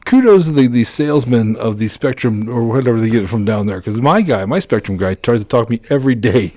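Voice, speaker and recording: A man's voice: medium pitch, lively intonation, brisk, darkish tone, dry recording. A man hosting a podcast in casual chat, crude and joking, laughing often. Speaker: podcast host.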